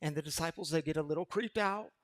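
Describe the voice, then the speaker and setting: High-voiced man preaching a sermon. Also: quick pace. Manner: conversational preaching with questions to the congregation; shifts from loud emphasis to soft, hushed storytelling. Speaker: pastor.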